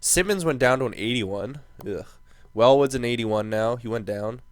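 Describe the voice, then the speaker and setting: Playing a hockey management game, a young man offers casual commentary, musing aloud before abruptly launching into frustrated rants. He has a mid-range voice, and the audio has no echo.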